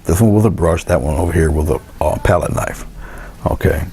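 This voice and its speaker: A man with a low, gravelly voice walks through a painting demonstration in a relaxed, step-by-step way. He drifts into soft asides while he works at the easel. A faint hiss sits under the indoor studio recording. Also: fairly quick. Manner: relaxed, talks through each step, trails into quiet asides. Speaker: painting instructor.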